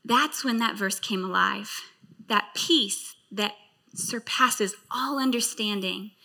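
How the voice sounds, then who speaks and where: A woman's voice: mid-range voice, takes it slowly, creaky, sharp tone. A woman pastor in her late thirties sharing a personal testimony in a sermon, speaking in an earnest, heartfelt way. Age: late 30s.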